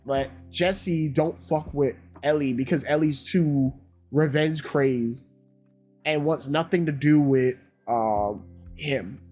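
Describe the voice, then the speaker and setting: A man's voice: a little high, darkish tone. A man giving a casual, ranting review, swearing heavily and sounding exasperated. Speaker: YouTube reviewer.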